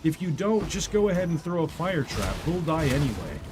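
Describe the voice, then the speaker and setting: A man voicing a soothing, deep-voiced male game guide narrator, talking in a smooth, warm, deliberate way. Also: very animated.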